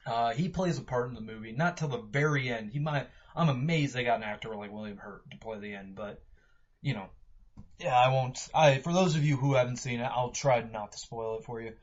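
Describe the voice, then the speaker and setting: A man's voice: mid-range voice, brisk. A man casually reviewing a movie for a podcast, rambling with many fillers and restarts. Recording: dull lo-fi home recording.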